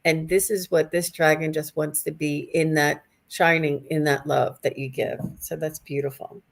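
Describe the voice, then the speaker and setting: Soft-spoken woman giving a psychic reading. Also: low-pitched, level tone, gravelly. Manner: slow, soothing, hesitant with fillers. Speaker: psychic medium guest. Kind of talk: intuitive reading on a live stream.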